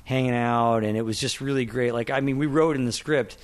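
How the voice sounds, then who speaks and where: Middle-aged male screenwriter guest, from Oklahoma, animated and anecdotal, mid-pitched. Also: a little fast. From Oklahoma, USA. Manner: animated storyteller, acts out quotes, laughs often. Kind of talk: casual interview chat.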